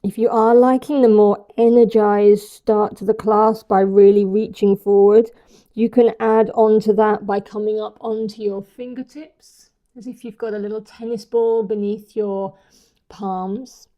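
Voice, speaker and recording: A woman teaching a yoga class, guiding the poses and breathing slowly and gently. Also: mid-range voice, level tone, muffled recording. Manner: slow, gentle and soothing. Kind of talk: guided yoga instruction.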